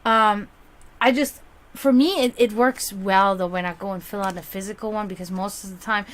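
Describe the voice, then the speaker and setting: A woman with a German accent carrying a slight Slavic touch, a native German speaker, chatting bubbly and casually as a psychic reader hosting a livestream. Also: fairly even intonation. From half German, half Serbian. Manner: chatty, bubbly, quick swings in pitch and loudness.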